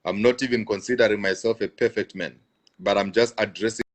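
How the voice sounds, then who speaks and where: A man's voice: fairly low pitch, fairly even intonation, a little fast. Emphatic man repeating his points. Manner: repetitive, emphatic, stammering restarts. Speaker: online preacher answering viewers. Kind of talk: live-stream talk.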